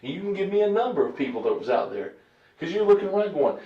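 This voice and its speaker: A man's voice: high voice, animated, fast talker, mellow. A man interrogating a suspect as a police detective, blunt, confrontational and full of profanity. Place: interrogation room. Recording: echoey, muffled room recording from a distant mic.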